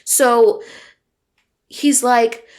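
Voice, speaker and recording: A woman in her twenties telling a storytime on her vlog, animated and emphatic, venting with plenty of swearing. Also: a little high, drawn-out words. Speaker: vlogger.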